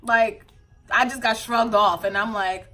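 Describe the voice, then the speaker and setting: Emotional young woman with a bright voice. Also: fairly high pitch, steady tone, unhurried, faint music behind. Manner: emotional, tearful at times, candid, lots of fillers. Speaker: vlogger, new mother. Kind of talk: casual confessional vlog.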